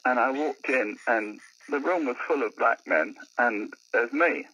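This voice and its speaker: An older man, a musician and comedian telling an anecdote as a podcast guest, an animated raconteur. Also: medium pitch, measured pace, very noisy. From London. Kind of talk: anecdotal storytelling in casual chat.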